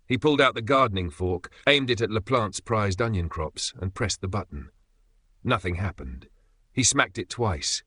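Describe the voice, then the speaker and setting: Male comic-story narrator, low, bright tone. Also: animated, normal speed, slightly rough, dry recording.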